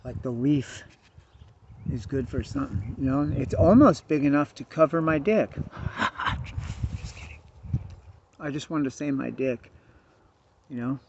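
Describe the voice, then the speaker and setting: A man's voice: mid-range voice, moderate pace. A man vlogging outdoors on a hillside, talking in laid-back stoner slang, swearing and saying dude a lot. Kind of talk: casual outdoor vlog. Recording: dull lo-fi sound with background noise.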